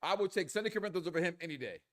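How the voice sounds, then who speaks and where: A man co-hosting a casual review show, loud and playful, crude jokes, acting out the characters as he recaps. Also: sits high, animated, rapid-fire.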